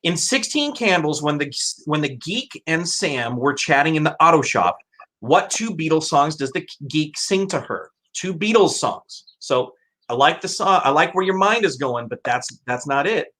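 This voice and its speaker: A man's voice: fairly high pitch, lively intonation, normal speed, bright, forceful tone. A man hosting a casual live-stream chat, speaking in a hesitant way with many restarts. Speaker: host.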